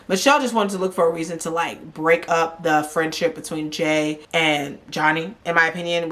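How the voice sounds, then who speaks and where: A woman with a fairly low voice recaps a reality show in a loose, chatty way. She is blunt with her opinions and keeps acting out the cast members' lines in animated quoted voices. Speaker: recap vlogger. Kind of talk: casual chat.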